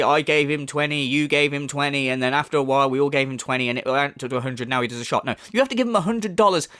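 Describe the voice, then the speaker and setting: Male commentator, sneering profane rant, very animated delivery. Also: a little high. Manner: scornful, swears heavily, mocking. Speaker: commentary YouTuber.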